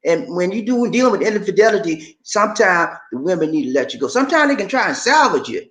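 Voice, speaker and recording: A man's voice: high voice, fast. Older guy hosting a live stream, preachy pep talk, voice bouncing all over, roomy echo. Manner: animated, preachy, repeats phrases to rally listeners. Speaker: channel host.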